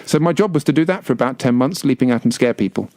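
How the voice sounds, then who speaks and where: This is a man co-hosting a radio show, chatting casually into a studio microphone. He wanders through self-mocking stories, stumbling and restarting as he goes. His voice sits at a middle pitch, and the room sounds close and dry. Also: animated, fast talker, warm tone, no room sound. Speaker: radio co-host. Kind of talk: casual on-air chat.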